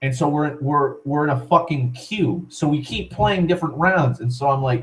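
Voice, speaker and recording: A rough recording catches a young man, the channel host, whose voice sits a little high. He moves at a moderate pace with hardly any pauses, rambling casually through a long tale, swearing freely and leaning on "like" and restarts.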